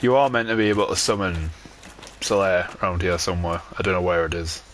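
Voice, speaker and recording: A man's voice: sits low, steady tone, fairly quick, fairly bright tone, a little hiss or hum. Rambling man in a gaming commentary. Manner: rambling, chatty, frequent ums, mild swearing. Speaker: gamer. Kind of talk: casual gameplay commentary.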